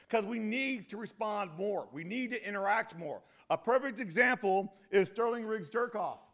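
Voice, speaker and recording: A man delivers a conference keynote in a lively, joking way and often teases himself. His voice sits high with a gravelly rasp. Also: moderate pace, hardly any pauses. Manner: animated, joking, self-deprecating. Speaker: keynote speaker.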